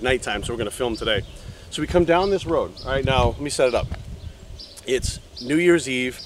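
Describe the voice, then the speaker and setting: A man in his forties telling a wild story by a road, animated and swearing freely. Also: mid-range voice, slight background noise. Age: 40s. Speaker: vlogger. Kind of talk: casual storytelling vlog. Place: outdoors by a road.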